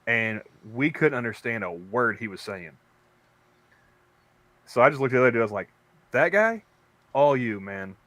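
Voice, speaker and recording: A man's voice: mid-range voice, brisk, long pauses, bright, forceful tone, no echo. A man co-hosting a casual podcast chat, rambling through stories with many restarts. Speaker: podcast co-host; convenience store worker.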